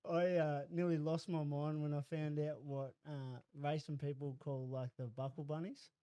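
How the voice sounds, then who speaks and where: A man's voice: on the high side, flat delivery, moderate pace, mellow, clear, resonant tone, lo-fi sound. A man hosting a casual interview, asking short questions and laughing a lot. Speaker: podcast host.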